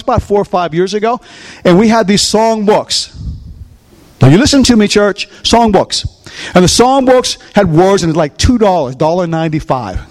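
A man preaching a sermon as pastor, telling stories and putting questions to his congregation in church. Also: sits high. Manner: storytelling, asks the congregation questions.

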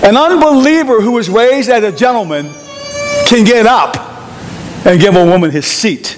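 Animated male pastor preaching a sermon. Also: high voice, moderate pace, background noise. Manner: questions the congregation, animated and emphatic.

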